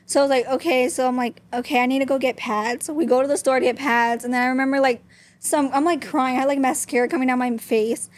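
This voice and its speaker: A woman's voice: high voice, fairly even intonation, fast talker. A young woman, a podcast guest, telling a personal story openly and candidly, with many "like" fillers. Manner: open, talks with frequent "like" fillers.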